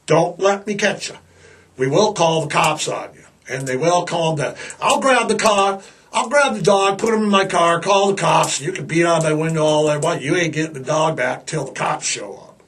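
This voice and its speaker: A man's voice: on the high side, normal speed, a bit bright, recorded from a distance. A man hosting a casual podcast monologue, blunt, rambling and fired-up. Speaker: podcast host.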